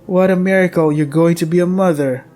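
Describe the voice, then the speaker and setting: A man's voice: a little high, a little mellow, soft background music. A man voicing the solemn hands of God. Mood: mock cheerful. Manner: slow, solemn pronouncements. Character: chorus of divine disembodied hands, cold and judging.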